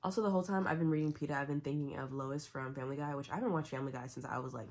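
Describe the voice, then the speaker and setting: A young woman book vlogger, her voice low, steady in tone, and a little mellow, races through chatty, opinionated talk about the books she's reading. She fills it with "like" and asides.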